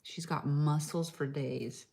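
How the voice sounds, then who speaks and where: Casting note: woman vlogger, low gravelly voice, chatty, lots of "like", slips into whispers. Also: steady tone, slow, a little mellow. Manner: chatty, frequent "like" fillers, drops into whispers. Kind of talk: casual vlog chat. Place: home in Slovenia.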